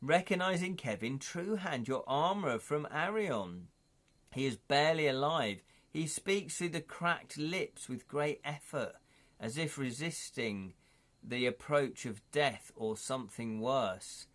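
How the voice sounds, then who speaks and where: A man from the UK reads an adventure gamebook aloud for a casual live stream, at an ordinary middle pitch. He keeps breaking off to joke and chat. He trips over words and restarts them as he goes. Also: lively intonation, slow pace, a bit bright. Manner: jokey and rambling, breaks off the reading to chat and laugh. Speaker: streamer hosting a live gamebook read-through.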